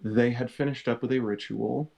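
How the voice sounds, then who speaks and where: A man speaking in character at a game table, in a mid-pitched, ordinary voice. He explains things step by step in a measured and earnest manner. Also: steady tone, creaky, dark tone, rough recording. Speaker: player.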